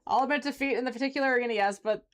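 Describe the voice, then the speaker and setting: A woman's voice: on the high side, very fast, background noise, close to an everyday voice. A woman reading a smug, evasive older suspect. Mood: haughty. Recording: game music playing under the voice.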